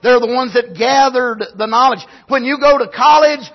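Husky high-voiced preacher, shouting bursts. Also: male voice, moderate pace. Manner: emphatic, swings between shouting and low asides, punctuates with amen. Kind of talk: sermon. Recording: dull lo-fi recording.

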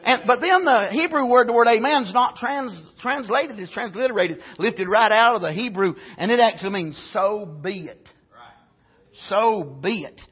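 A man preaching a sermon, swinging from shouted exclamations to low, quiet asides. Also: animated, normal speed, slightly rough, highs cut off.

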